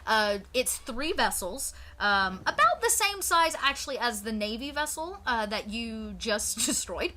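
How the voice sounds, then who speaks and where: A woman's voice: on the high side, sing-song, a little slow, hardly any pauses, sharp tone. A woman narrating as game master of a tabletop pirate game, chatty, with many fillers. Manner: chatty, lots of fillers and restarts.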